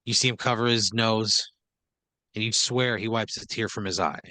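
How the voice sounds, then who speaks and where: A man's voice: on the low side, fairly even intonation, moderate pace, bright, forceful tone, no echo. A man hosting a comedy podcast and spinning an improvised story, rambling and filler-heavy, often checking in with "right?". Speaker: podcast host.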